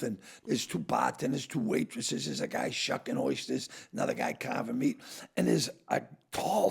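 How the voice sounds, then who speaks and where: An older comedian spins his yarns in a rough, gravelly rasp. His voice sits high and leaps wildly up and down as he shouts, laughs and mimics everyone in the story. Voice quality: gravelly, raspy. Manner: loud, laughing, acts out voices in his stories. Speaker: comedian guest. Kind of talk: animated storytelling.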